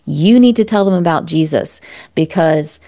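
A woman's voice: deep voice, expressive, moderate pace, dark tone. A woman speaking as an interview guest, telling her story in a candid, earnest and reflective way, often restarting her sentences.

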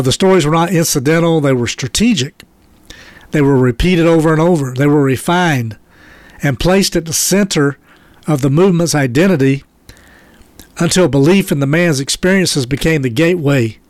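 A man explaining religious movements in a measured, explanatory way. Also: a little high, dry recording. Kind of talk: conversational commentary on religion.

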